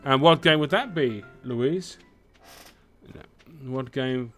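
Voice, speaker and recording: A man's voice: medium pitch, slow, a bit bright. Young british guy rambling through a farming game, swears a lot, hums along, faint music behind. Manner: chatty, swears often, hums to himself while playing. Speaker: gaming streamer. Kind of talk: casual let's-play commentary.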